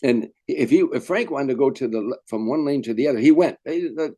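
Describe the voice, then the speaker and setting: A man's voice: medium pitch, fairly quick. Older comedian guy spinning a story, acts out the voices, punchy delivery. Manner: animated storyteller, acts out quotes. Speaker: guest comedian. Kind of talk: storytelling interview.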